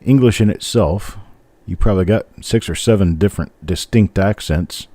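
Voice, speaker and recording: A deep, mellow older man with a plain general American accent talks loosely to his live-stream viewers, rambling from one thought to the next with an easy chuckle. His voice is low and warm, and the sound is dry and close, with no room around it. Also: normal speed, no room sound. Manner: rambling, easygoing, chuckles often. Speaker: host of a live coin roll hunt stream. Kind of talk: casual live-stream chat answering viewers.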